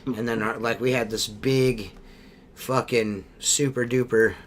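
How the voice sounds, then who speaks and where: A man's voice: mid-range voice, fairly even intonation, unhurried, a little hiss or hum. A man hosting a podcast, telling crude, profane stories in casual chat. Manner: crude, profane storytelling with frequent laughs. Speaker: podcast host.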